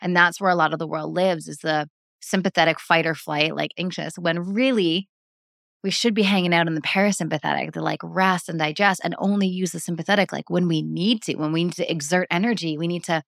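Low-voiced calm woman, dry mic. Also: fairly quick, vocal fry, no echo. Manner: calm, earnest, many "like" fillers. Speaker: breathwork practitioner, guest. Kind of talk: casual interview talk.

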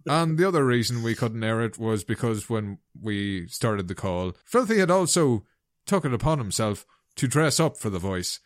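A man co-hosting a podcast in casual chat, teasing with sweary deadpan jabs. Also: medium pitch, moderate pace, few pauses, no echo, studio quality. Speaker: podcast co-host.

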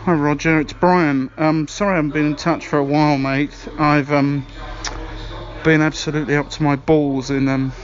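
Man doing a rambly bloke leaving a voicemail, lots of ums, high-ish flat voice, dull muffled sound. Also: moderate pace, lightly acted. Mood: awkward chummy. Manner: hesitant, rambling, full of ums. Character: fumbling, chatty British man leaving voicemails. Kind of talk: comedy voicemail sketch.

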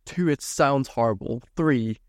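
A man's voice: medium pitch, a little slow, darkish tone, no echo, studio quality. A young man hosting his own podcast, ranting in a casual, sweary and exasperated way. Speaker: podcast host. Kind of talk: solo casual podcast rant.

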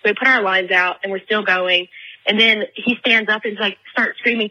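A young woman leaving a casual voicemail, retelling a story in a chatty, animated way with many fillers. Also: medium pitch, moderate pace, low-quality recording. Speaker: voicemail caller.

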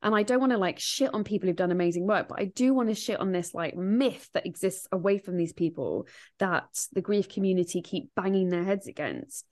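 Animated, rambling woman guest, swearing freely. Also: medium pitch, brisk. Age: adult, grieving since 1998. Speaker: guest, grief podcast host and author. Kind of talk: casual interview chat.

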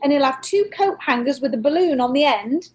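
A woman in her fifties from northern England, a podcast host chatting in a cheeky, animated storytelling way. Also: high voice, brisk, dull audio. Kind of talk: casual chat.

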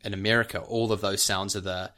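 A man's voice: on the low side, little pitch movement, quick pace, sharp tone. A man with a New Zealand accent casually explaining things like a teacher on a podcast. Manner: explanatory, teacherly, demonstrates speech sounds.

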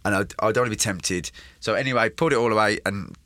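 A man's voice: on the low side, fast talker, a bit bright, no room sound. A man telling a long, rambling story in casual interview chat, swearing freely and slipping into voices of the people in it. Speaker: guest.

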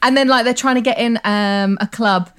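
A woman's voice: fairly high pitch, fairly even intonation, moderate pace, a bit bright, smooth. A woman co-hosting a podcast in casual chat, bubbly and giggly as she tells stories. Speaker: podcast co-host.

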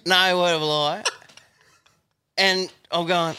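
A man's voice: high voice, a little slow, long pauses, background noise. A man co-hosting a podcast, telling stories with energy and plenty of swearing. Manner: animated storyteller, swears a lot. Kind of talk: casual chat.

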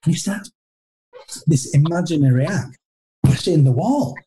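A middle-aged man with a very dark, mellow voice, speaking at a mid pitch. He tells old stories from his playing days in a loose, rambling way, often restarting sentences and poking fun at himself. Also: expressive, normal speed, a little hiss or hum. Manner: rambling anecdotal, frequent restarts, self-deprecating. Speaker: former footballer guest. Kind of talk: casual interview storytelling.

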